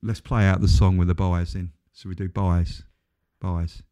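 Low, mellow-voiced man chatting. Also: flat delivery, measured pace, smooth. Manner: rambling, self-correcting, chatty. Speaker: podcast co-host. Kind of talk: casual chat.

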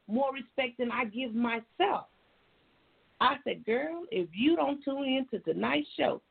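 Husky-voiced woman, tinny phone sound. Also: a little high. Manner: folksy, chatty, addresses viewers as y'all; preachy, emphatic. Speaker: life coach. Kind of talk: casual storytelling and faith-based advice.

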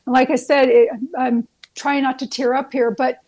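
A middle-aged woman with a high voice recounts her nursing experiences. She talks earnestly and emotionally, often restarting her sentences and filling pauses. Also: little pitch movement, a little mellow, poor audio. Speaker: nurse guest. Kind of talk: personal storytelling.

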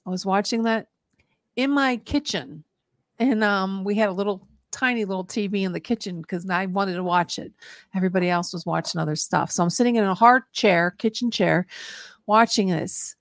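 A woman's voice: medium pitch, moderate pace, no echo, clean studio sound. A woman hosting a radio talk show, telling a personal faith story in an earnest, rambling way with many restarts. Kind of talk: casual radio interview, personal testimony.

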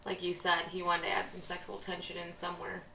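A woman's voice: lowish voice, completely flat delivery, fast, bright, forceful tone. A woman co-hosting a casual podcast discussion, talking bluntly with lots of filler words. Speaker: podcast co-host. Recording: echoey room with faint noise.

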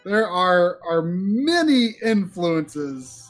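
A man's voice: high-pitched, big pitch swings, very slow, faint music behind. Stammering man with faded Southern accent. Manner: stammering, repeats words, laughs often. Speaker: co-host. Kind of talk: casual stream chat.

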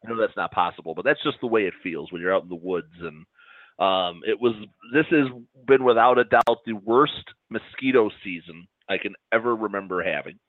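Chatting casually as a podcast co-host, this central Wisconsin man trades in dry, wry humor. He speaks briskly and expressively in a lowish voice, and the recording sounds dry and tinny, almost phone-like.

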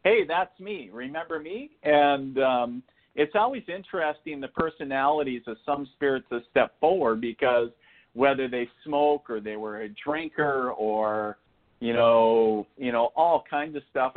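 A man, a spiritual medium, telling funny stories on a talk show in a lively, laughing way. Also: mid-range voice. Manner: animated, laughing anecdotes with acted-out quotes. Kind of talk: casual storytelling on a call-in show. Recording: phone-line audio.

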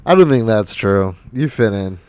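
Laid-back low-voiced podcast host. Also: male voice, lively intonation, normal speed, darkish tone, clear, resonant tone, dry recording. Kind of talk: casual podcast chat.

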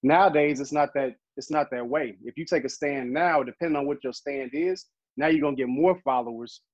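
A man's voice: mid-range voice, fairly quick. A man co-hosting a podcast, pushing back with counterpoints in casual chat. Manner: argumentative, making counterpoints. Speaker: podcast co-host. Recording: dull lo-fi sound.

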